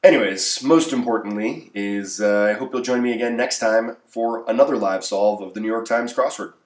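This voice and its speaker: A man's voice: on the low side, moderate pace, echoey room. A man hosting a casual crossword live-solve, reading answers aloud with wry, offhand, sarcastic asides. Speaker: crossword channel host.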